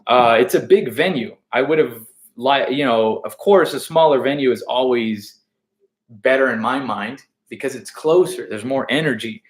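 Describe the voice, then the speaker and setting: Profane, rambling American comedian. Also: male voice, mid-range voice, normal speed, reverberant. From United States. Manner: profane, animated, rambling with restarts. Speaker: stand-up comedian. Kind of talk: casual backstage interview chat.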